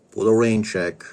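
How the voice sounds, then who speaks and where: Low-voiced profane man ranting. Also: a little mellow. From Bulgaria. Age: 30s. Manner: crude, rambling, profane, stammering repetitions. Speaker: vlogger. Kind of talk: casual rant.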